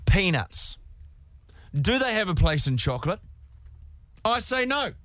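A man's voice: very animated, fairly bright tone, no room sound. A man, hosting a casual radio show with jokey banter. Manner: jokey, reads a mock car ad in a deep slow sultry voice. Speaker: radio host.

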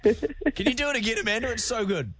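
A man hosts a radio show, his fairly high voice bouncing all over as he teases his co-host and callers. The studio sound is dry and close. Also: lively intonation, fairly bright tone, husky, dry recording. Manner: playful, teasing, quick to laugh. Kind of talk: casual studio banter. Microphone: studio microphone.

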